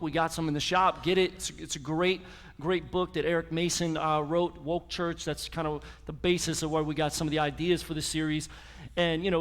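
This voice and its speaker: Upbeat pastor in a big church hall. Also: male voice, on the high side, a bit bright. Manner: casual, hyping up the crowd. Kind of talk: sermon with guest testimonies. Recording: live in a reverberant hall.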